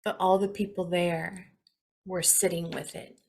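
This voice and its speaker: Woman in her 40s, slow earnest spiritual talk, low-ish voice w/ some vocal fry. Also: level tone. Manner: slow, earnest, gently emotional, with soft laughs. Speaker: spiritual podcast host.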